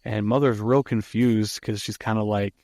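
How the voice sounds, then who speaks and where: A man on a podcast loosely retelling a film plot, with swearing and frequent "uh"s and "like"s. His voice is low, and the recording is dry and close with no room sound. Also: steady tone, normal speed, darkish tone, no echo. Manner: casual, profane, many fillers. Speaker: podcast host. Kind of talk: casual movie recap.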